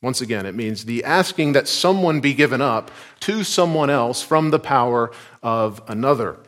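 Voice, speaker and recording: A man from Georgia preaching a sermon. He talks in an earnest, emphatic way and lets his lines drop low and soft at the ends. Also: lively intonation, normal speed.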